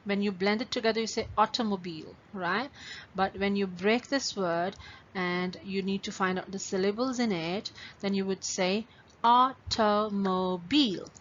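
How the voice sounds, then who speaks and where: A woman's voice: medium pitch, steady tone, moderate pace. A woman teaching a class of young pupils, patiently stretching out words syllable by syllable and giving step-by-step instructions. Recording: dull lo-fi recording with faint ambient noise.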